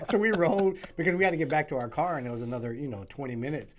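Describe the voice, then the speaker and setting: A man's voice: fairly high pitch, animated, very fast, hardly any pauses, slight background noise. A man co-hosting a podcast, telling a funny story in casual chat with lots of laughter. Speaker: podcast co-host.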